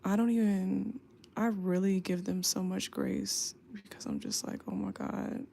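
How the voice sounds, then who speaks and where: Tired, slow-talking young woman with a gravelly voice. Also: mid-range voice, fairly even intonation, mellow, slight background noise. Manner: slow, tired, drawling talk with lots of fillers. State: sleepy and in back pain. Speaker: flight attendant livestreamer. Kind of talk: late-night phone livestream chat. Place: home at night. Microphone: phone mic, off screen.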